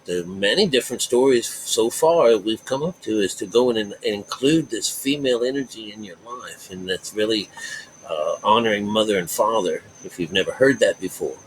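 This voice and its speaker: A man's voice: fairly low pitch, fairly bright tone, slight background noise, poor audio. A man teaching about the Bible in a rambling way, circling back to repeat his points and leaning hard on key words. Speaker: self-taught Bible teacher.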